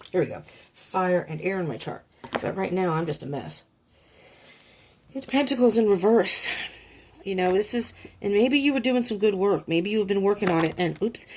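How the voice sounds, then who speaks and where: A woman's voice: fairly low pitch, a little mellow, slight background noise. A woman giving a casual tarot reading for her viewers, rambling and emotional, often talking to herself as she turns over cards. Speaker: tarot reader.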